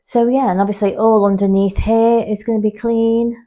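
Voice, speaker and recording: A woman's voice: little pitch movement, normal speed, dark tone. A woman, a pet groomer chatting casually through a vlog as she explains her work. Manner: chatty, explanatory, talks to the dog in a high coaxing voice. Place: grooming salon, indoors.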